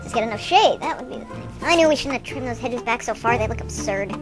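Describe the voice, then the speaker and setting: A woman's voice: fairly high pitch, animated, fast talker, music in the background, pitched below the performer's own voice, natural voice. Give me a woman voicing a nitpicking, sarcastic man fussing over a garden. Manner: fussy, sarcastic. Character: fussy, bossy man named Johnny. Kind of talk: improvised radio comedy.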